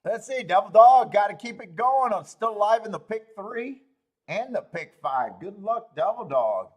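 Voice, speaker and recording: A man hosting a horse racing betting livestream, thinking aloud through the odds and cracking himself up with loud bursts of laughter. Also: high-pitched, sing-song, moderate pace. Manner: thinks aloud, laughs at his own jokes; loud bursts when amused. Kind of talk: casual livestream handicapping commentary.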